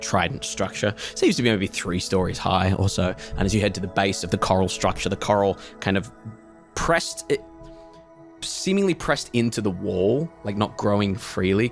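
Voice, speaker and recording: Low-voiced man narrating a tabletop game. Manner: rambling descriptions full of "uh" and "like". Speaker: game master.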